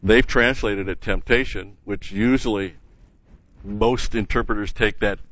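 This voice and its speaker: A man's voice: lowish voice, steady tone, unhurried, fairly bright tone, no room sound, lo-fi sound. An older man teaching a Bible passage verse by verse in a conversational way, stopping to correct himself and leaning hard on key words.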